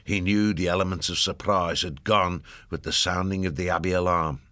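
A man narrates an audiobook in a very low voice with a steady, measured pace. He is recorded close to the mic in a dry room with no echo.

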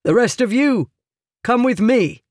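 A man's voice: very high-pitched, lively intonation, unhurried, dry recording, studio quality, pitched above the performer's own voice. A man voicing an oily, commanding merchant lord who barks orders in an audiobook reading. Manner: curt, commanding.

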